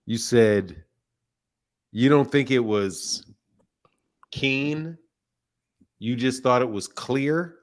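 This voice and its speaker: A man's voice: mid-range voice, drawn-out words, long pauses. A man hosting a live call-in stream, thanking supporters and teasing a caller in a mock-formal way. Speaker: show host.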